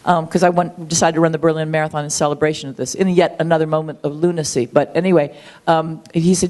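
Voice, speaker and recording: Low-voiced chatty woman in her sixties. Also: level tone, fast, a little mellow. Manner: chatty, enthusiastic, with frequent ums and restarts. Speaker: guest, author and marathon runner. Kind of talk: conversational interview.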